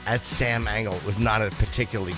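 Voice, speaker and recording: A man's voice: lowish voice, fairly even intonation, fast talker, music in the background. A man co-hosting a radio talk show over a video call, his voice a little scratchy and smoky as he tells rambling, self-deprecating stories. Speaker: co-host. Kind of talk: casual radio banter. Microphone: remote video call.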